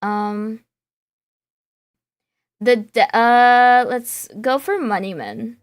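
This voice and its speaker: Playful higher-voiced woman streamer. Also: drawn-out words, smooth, no room sound, clean studio sound. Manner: playful, giggly, drifts into a valley girl lilt. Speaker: game streamer. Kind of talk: casual playthrough commentary, reading game dialogue aloud.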